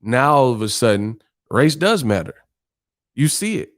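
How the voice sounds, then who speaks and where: Male stream host, mid-pitched, blunt and combative, curses a lot, casual rant. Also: big pitch swings, moderate pace. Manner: blunt, combative, heavy cursing.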